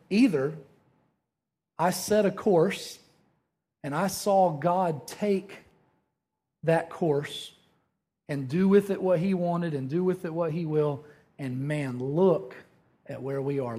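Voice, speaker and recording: A man's voice: on the high side, mellow, slightly rough. A man in his thirties giving a conversational sermon, telling a humorous story and often checking in with his listeners. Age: 30s. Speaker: preacher.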